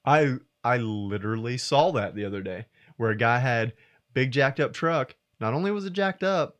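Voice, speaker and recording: Lively crude-joking podcast man. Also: mid-range voice, moderate pace. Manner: crude, animated storytelling with asides. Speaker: podcast co-host. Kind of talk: casual comedic chat.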